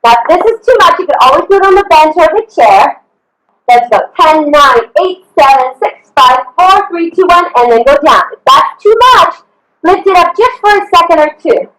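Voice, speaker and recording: A woman's voice: high voice, expressive, moderate pace, fairly bright tone, reverberant, low-quality recording. A woman fitness coach leading an online workout, upbeat and encouraging, counting reps and whooping, a little out of breath. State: slightly out of breath. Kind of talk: live online workout instruction.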